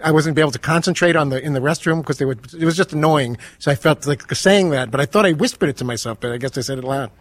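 A New York man who rambles through a story at a fast clip, breaking off and restarting his sentences. His voice sits somewhat high for a man. The sound is close and dry, with no room echo. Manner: rambling, self-interrupting storyteller. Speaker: show regular. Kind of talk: casual studio chat.

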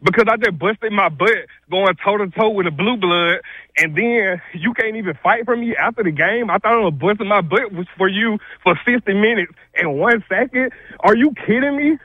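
A high-voiced man calls in to a sports show, breathless and heated. He hammers each point with emphatic ranting. The line sounds a little dull and close, with no room around it. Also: normal speed, breathy edge, dry recording. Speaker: caller. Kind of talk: call-in rant.

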